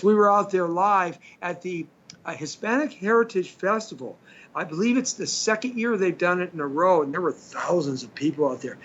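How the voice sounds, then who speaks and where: A man's voice: on the high side, fairly bright tone. A middle-aged or older man hosting a radio show from a studio, chatting in a rambling, joking way. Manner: rambling, chatty, jokey asides. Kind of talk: casual radio monologue. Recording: slightly dull lo-fi stream with faint hiss.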